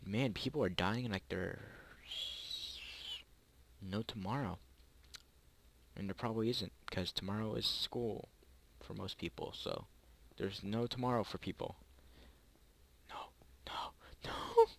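A young man, maybe a teenager, giving chatty, rambling gameplay commentary to his viewers, with excited yelps and pleading during close calls. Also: lowish voice, a little slow, vocal fry, pauses often. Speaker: gaming YouTuber.

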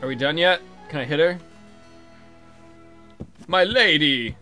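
A man's voice: on the high side, fast talker, faint music behind. A man giving casual, profane, sarcastic commentary while playing a video game. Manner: swears a lot, excitable, sarcastic. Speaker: let's play gamer.

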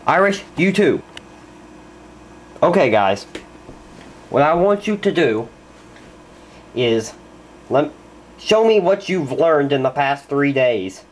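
A woman's voice: deep voice, big pitch swings, takes it slowly, long pauses, slight background noise, heavily acted. A woman voicing a short-tempered male duck teacher, scolding his class in curt, bossy lines.

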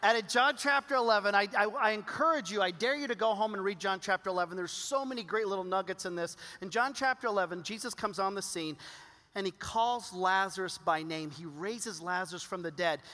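Bright-voiced man preaching in a hall. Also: sits high, brisk. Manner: exasperated straight man, playful teasing. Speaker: youth conference speaker. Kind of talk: comedic sermon skit with a partner. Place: large conference hall stage. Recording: live hall reverb.

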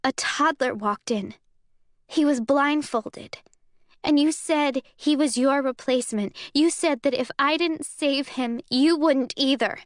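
A woman's voice: sits high, a little slow, no room sound, studio quality, pitched above the performer's own voice. A woman voicing a defiant young heroine in an audiobook reading, her voice raised and shaking with anger. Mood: agitated.

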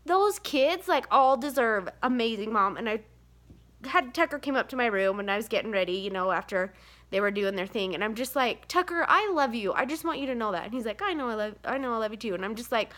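A woman's voice: high-pitched, sharp tone. A woman in her thirties talking candidly to camera about mom guilt, rambling with many fillers. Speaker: vlogger, mother of seven. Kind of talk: casual confessional vlog.

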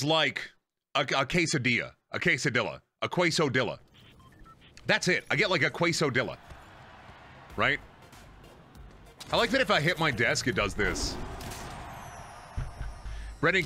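A man chatting and ranting with lots of swearing while streaming a game. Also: mid-range voice. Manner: animated, ranting, swears a lot. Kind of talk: casual gaming stream chat.

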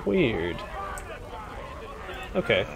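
Lively-voiced man playing a game. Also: on the low side, vocal fry, muffled recording, heavy background noise. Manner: casual, reads halting over unfamiliar words. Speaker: let's play host. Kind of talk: reading game dialogue aloud with commentary.

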